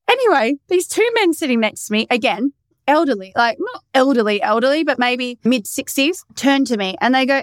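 A young Australian woman hosting a podcast and coaching, telling a story in a lively, expressive way and swearing freely. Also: high-pitched, fairly quick, no room sound, studio quality. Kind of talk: casual storytelling monologue.

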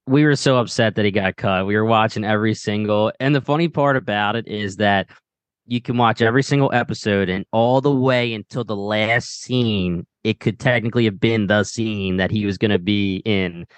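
A man with a Philadelphia accent co-hosting a podcast, telling stories in an animated, casual way. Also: lowish voice, moderate pace, smooth, no echo. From Delaware County, Pennsylvania. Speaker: podcast co-host.

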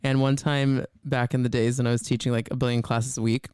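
Man, podcast co-host, casual chat, clear smooth voice, dry studio sound, lots of fillers. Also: medium pitch, level tone, a little fast, a little mellow, no echo. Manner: chatty, laughs often, many "like" fillers.

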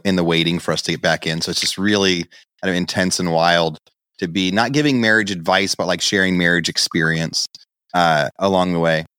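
A man's voice: low-pitched, fairly bright tone, clean tone, dry recording, clean studio sound. A middle-aged man co-hosting a podcast, chatting casually and telling stories that he acts out in quoted dialogue. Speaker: podcast co-host.

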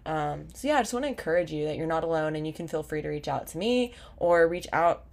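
Earnest low-voiced woman podcaster. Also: creaky. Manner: earnest, heartfelt, casual with many fillers. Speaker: podcast host. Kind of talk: faith-based podcast talk.

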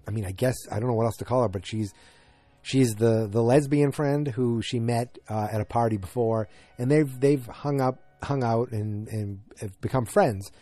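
Casual male recapper, rambling and halting, mellow tone, mid pitch. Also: no room sound. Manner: halting, many restarts and fillers, rambling. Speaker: show recap host.

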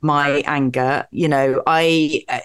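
A British woman in her forties, a podcast guest telling candid personal stories with a self-deprecating, animated manner and frequent laughter. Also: low-pitched, takes it slowly, smooth. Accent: British English. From Britain. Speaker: podcast guest, comedy actress. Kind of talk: candid conversational storytelling.

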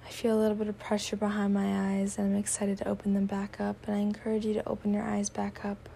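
A woman guiding a meditation, speaking slowly and softly, often slipping into a whisper. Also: mid-range voice, completely flat delivery, vocal fry, slight background noise. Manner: slow, soft-spoken, drifting into whispers; warm spiritual affirmations. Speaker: meditation guide. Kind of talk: guided meditation.

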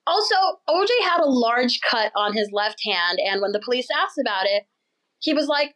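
A young woman hosting a podcast, telling a story in an animated, chatty way and laughing as she goes. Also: a little high, low-quality recording. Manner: chatty, animated, laughs while telling, does quick mocking voices for people in the story. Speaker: podcast host. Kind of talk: casual storytelling chat.

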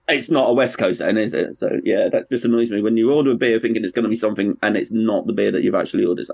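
A man, a brewer and pub owner, chatting frankly and rambling in a relaxed conversation. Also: on the low side, fast talker, creaky, few pauses, slightly rough, no echo. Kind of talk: casual conversation. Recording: dull lo-fi sound, dry.

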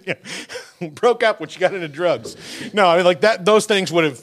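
A man talking sports on a podcast, animated and quick to laugh at his own stories. His voice sits a bit high for a man. He talks in a loose, casual way. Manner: animated storyteller, laughs through his anecdotes. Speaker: podcast co-host.

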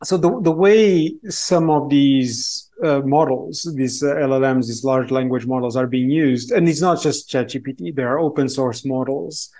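A man's voice: medium pitch, moderate pace, hardly any pauses, warm tone. Man explaining carefully. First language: Portuguese. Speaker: guest expert. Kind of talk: podcast interview.

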